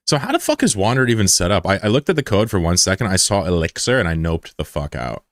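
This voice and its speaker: On a live stream, a man bantered crudely and jokingly with his viewers in casual chat. He speaks low, very animated and quick, and the sound is close-miked and dry with no echo from the room.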